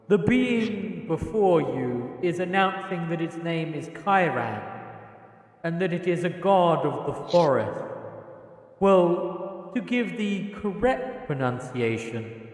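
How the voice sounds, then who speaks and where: A man voicing an ancient tree lord who speaks in a measured, formal way. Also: a little high, sing-song, echoey room, long reverb tail. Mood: calm.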